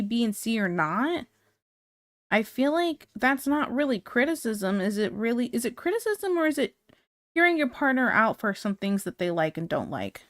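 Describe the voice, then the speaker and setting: Woman streamer, slightly high pitch, candid and blunt, frequent laughter, dry room. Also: no room sound. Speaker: live streamer. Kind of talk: casual chat reacting to viewer comments.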